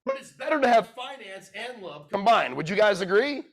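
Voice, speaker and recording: A man with a high-pitched voice delivers a motivational speech to a room of listeners. He is blunt and profane and keeps firing questions at the crowd. He drops from loud urging into quiet, emotional storytelling. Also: sing-song, normal speed, vocal fry. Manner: blunt, swears freely, quizzes the audience. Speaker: keynote speaker. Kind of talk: motivational speech to a live audience.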